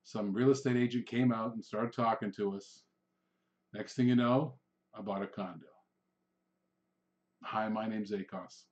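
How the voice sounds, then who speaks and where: Middle-aged male podcast host, conversational teaching delivery, mid-pitched, plays out customer dialogue. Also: fairly even intonation, moderate pace, a little mellow, muffled recording. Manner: conversational, acts out quoted customer exchanges. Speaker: real estate trainer, podcast host. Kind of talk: instructional talk.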